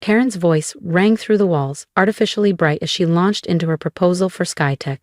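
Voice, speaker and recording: A woman reads a first-person story aloud in a calm, measured voice. Her voice sits on the low side for a woman. The recording is dry and close, with no room sound. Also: dry recording. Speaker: narrator.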